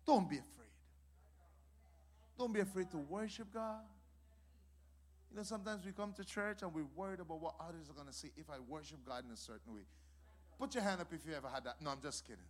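A man with a very high voice preaching a sermon. He lets his delivery climb into loud, half-sung shouts, then drops into quiet asides, and he repeats his phrases over and over for emphasis. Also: sing-song, brisk, long pauses. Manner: preaching with rising shouts and sing-song cadences. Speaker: pastor.

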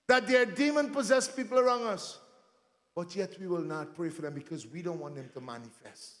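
A man preaching a rousing sermon, breaking into shouts and asking the congregation to call back answers. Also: high-pitched, brisk, long reverb tail.

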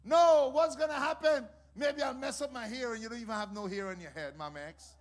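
A man preaching a sermon as pastor, swinging between quiet asides and loud, sing-song shouted declarations and repeating his phrases for emphasis. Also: very high-pitched, brisk.

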